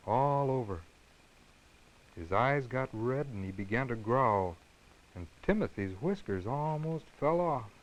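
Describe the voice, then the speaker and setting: A man reads a picture book aloud to small children, gentle and animated, lifting his voice for suspense and softening it for quiet moments. His pitch sits in an ordinary middle range for a man. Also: low-quality recording. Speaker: children's television host.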